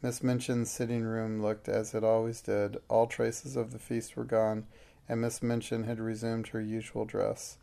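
A man reading a story aloud in an even, unhurried manner as an audiobook narrator. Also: lowish voice, gravelly. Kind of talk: scripted narration.

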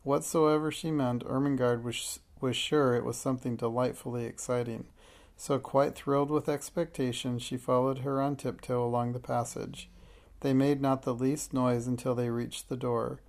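A man reading a children's novel aloud as audiobook narration, measured and even. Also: medium pitch, vocal fry. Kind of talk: scripted narration.

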